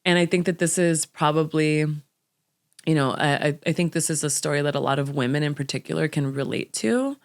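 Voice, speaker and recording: Speaking a little fast in a low voice, this young U.S. woman on a podcast is frank and thoughtful as she opens up about her personal life.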